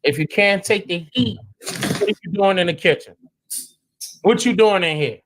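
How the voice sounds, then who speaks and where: A man with a notably high speaking voice hosts a casual live stream. He talks in loose slang, stumbling and restarting, and often leaps up into excited, incredulous exclamations. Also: normal speed, slight background noise.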